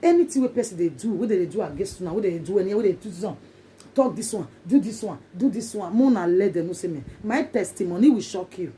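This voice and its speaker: A woman's voice: medium pitch, expressive, quick pace, warm tone, slight background noise. A woman with a Nigerian accent talking casually to her viewers in a vlog, emphatic and repeating herself often. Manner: emphatic and repetitive, in Pidgin English. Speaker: vlogger.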